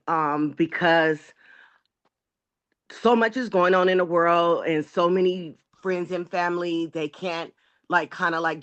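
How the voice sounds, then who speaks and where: Earnest woman sharing on a lo-fi call. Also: low-pitched. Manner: earnest, halting, with fillers. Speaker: group member. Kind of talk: casual sharing on a video call.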